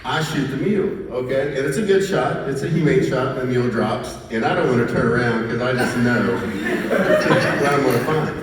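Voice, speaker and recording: A man from northeastern Oklahoma telling a funny story to an audience, animated and laughing through it. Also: mid-range voice, normal speed. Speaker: bank president telling a story. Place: large echoey hall. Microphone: far from the mic. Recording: echoey hall from far off, noisy.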